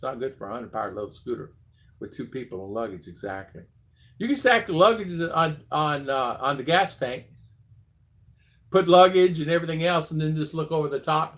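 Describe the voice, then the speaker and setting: Chatty, rambling male vlog host on a live stream, slightly higher voice, reads viewer comments, laughs easily. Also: fairly bright tone. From abroad, living in the Philippines. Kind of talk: casual live-stream chat.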